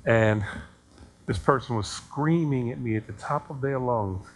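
A man's voice: medium pitch, a little slow, slight background noise. A man preaching a sermon in a conversational way, telling a story and acting out the dialogue with chuckles.

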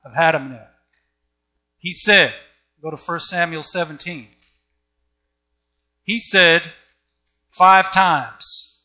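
A man's voice: on the high side, takes it slowly, long pauses, pushed and bright. A man preaching a sermon with an emphatic, repetitive cadence.

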